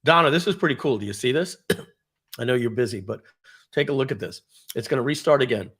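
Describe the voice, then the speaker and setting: A man with a New York accent hosting a live online session, chatting as he demos software and growing excited about the tools. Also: medium pitch, fairly quick, breathy edge. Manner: chatty, thinks aloud, grows excited over tools. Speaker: webinar host.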